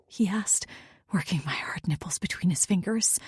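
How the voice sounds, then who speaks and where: Breathy woman narrating a romance audiobook. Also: mid-range voice, animated, normal speed, a little mellow, dry recording, clean studio sound. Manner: breathy, intimate, often near-whispered.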